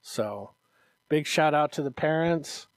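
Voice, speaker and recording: A man's voice: on the high side, lively intonation, takes it slowly, dry recording. A man co-hosting a casual podcast as a martial arts instructor, talking earnestly and encouragingly to parents and checking in with "Okay?". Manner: earnest and encouraging, acts out parents' voices, often adds "Okay?".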